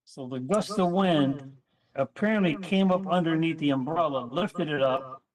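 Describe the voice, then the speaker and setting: A man casually telling a story on a chat panel, animated and acting out what people said. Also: on the high side, normal speed, recorded from a distance, rough recording. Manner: animated storyteller, acts out quotes.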